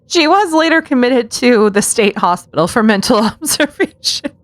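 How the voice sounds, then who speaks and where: A woman's voice: a little high, lively intonation, moderate pace, dry recording. A woman co-hosting a casual podcast, telling true-crime stories with sarcastic asides and frequent giggles. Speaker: podcast co-host.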